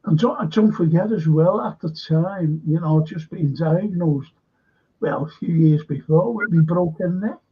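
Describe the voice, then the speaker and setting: A man's voice: a little high, unhurried, husky. A man telling a rambling anecdote in casual chat, acting out the quoted lines with gusto. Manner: rambling storyteller, acts out quotes animatedly. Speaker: show co-host. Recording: dull lo-fi sound.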